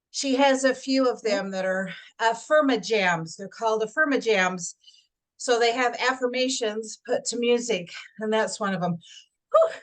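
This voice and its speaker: A woman's voice: on the high side, fairly bright tone. A woman hosting a motivational workshop, talking enthusiastically, laughing often and telling stories. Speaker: workshop host and motivational coach. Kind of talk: motivational workshop talk with storytelling.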